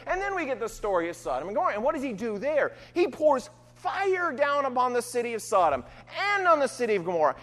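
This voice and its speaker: A lively preacher whose pitch rises and falls widely, working through a passage with rhetorical questions and quick asides. The voice rings out with a long reverb, as in a large sanctuary. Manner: restarts with "I mean". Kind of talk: conversational sermon.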